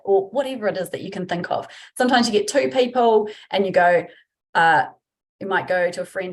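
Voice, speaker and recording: A woman's voice: medium pitch, brisk. A woman giving a webinar talk as a workplace trainer, chatty and informal, acting out example phrases. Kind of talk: webinar presentation.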